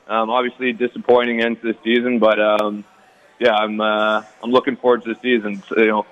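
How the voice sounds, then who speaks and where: A man's voice: lowish voice, little pitch movement, fairly quick, highs cut off. A man in his thirties from Canada, a guest athlete chatting casually in an interview, easygoing and rambling with lots of fillers.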